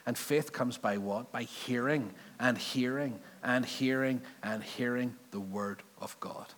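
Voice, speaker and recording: A man's voice: mid-range voice, measured pace, a bit bright. A pastor from Belfast preaches with a Northern Irish accent. He talks in a loose, conversational way, breaking into jokes and wandering asides before returning to his point. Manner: chatty, joking asides, rambling digressions. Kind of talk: sermon.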